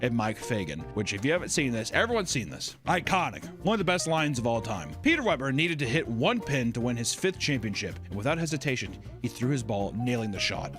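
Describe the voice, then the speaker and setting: A man hosting a casual commentary, reading a script and breaking off into animated, profane asides. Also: medium pitch, brisk, few pauses, music in the background. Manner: animated, swearing, laughing, acting out quotes. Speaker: host.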